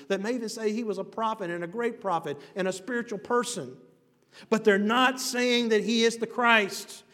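Emphatic preacher man in a reverberant hall. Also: high voice. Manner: emphatic preaching, swings from loud to hushed. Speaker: pastor. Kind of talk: sermon. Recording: long reverb of a large hall.

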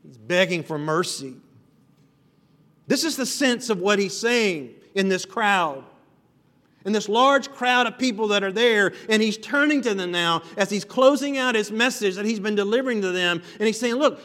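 A man's voice: high voice, animated, moderate pace, fairly bright tone. A man preaching an expository sermon as pastor, earnest and building emphasis on repeated phrases. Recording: long reverb of a hall.

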